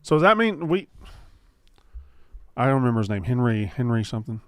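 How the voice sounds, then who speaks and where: A man's voice: medium pitch, very animated, fairly quick. A man co-hosting a sports podcast, cracking jokes in casual banter. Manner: wisecracking banter. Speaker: podcast co-host.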